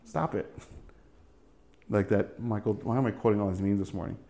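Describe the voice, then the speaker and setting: A man's voice: on the low side, little pitch movement, fast, mellow. A middle-aged man preaching a sermon as pastor, in a casual, joking way, often checking in with "right?".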